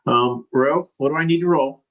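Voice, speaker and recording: A man's voice: mid-range voice, moderate pace, highs cut off. A man narrating as game master in a casual, hesitant way with many fillers.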